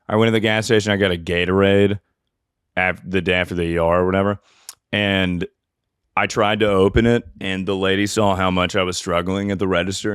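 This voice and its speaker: A podcast host with a fairly low voice tells rambling, self-mocking comedic stories, swearing freely. His tone is fairly bright, clear and resonant, recorded close and dry with no room sound.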